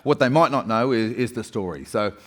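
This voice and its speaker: A man's voice: on the low side, expressive, a little fast. A man moderating a stage interview, introducing his guest with a lot of hesitation and filler words. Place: large event hall stage. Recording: reverberant conference hall.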